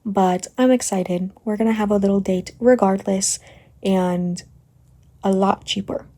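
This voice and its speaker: A young woman vlogging casually at home into her phone, chatty and excitable as she talks to her viewers. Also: medium pitch, measured pace, slight background noise. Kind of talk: casual vlog chat.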